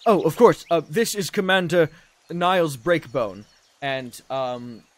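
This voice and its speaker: A man's voice: on the high side, lively intonation, slow pace, no room sound. A man narrating as dungeon master, loose and rambling, with lots of fillers. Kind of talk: narrating a tabletop game.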